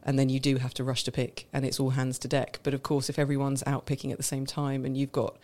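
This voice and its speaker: A woman's voice: a bass voice, monotone, fast, darkish tone. Chatty woman explaining with a laugh. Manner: knowledgeable, explains at length, laughs often. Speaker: wine expert co-host. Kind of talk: casual podcast chat.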